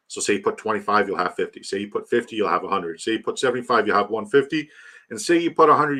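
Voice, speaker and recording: A man's voice: on the low side, a bit bright. A man hosting a casual livestream, rambling about his draft, reading chat aloud and hyping a giveaway. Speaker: livestream host.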